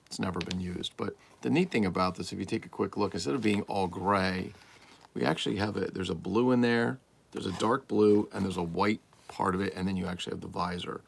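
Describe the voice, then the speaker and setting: A man's voice: sits low, brisk, gravelly, husky. A man talking casually and bluntly as he unboxes vintage toys, rambling and swearing freely. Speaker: toy collector vlogger.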